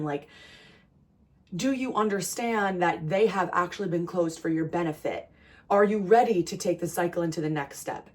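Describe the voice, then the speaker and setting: Low-voiced woman giving a rambling tarot reading. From New Jersey. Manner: earnest and rambling, many fillers and restarts. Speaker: tarot reader.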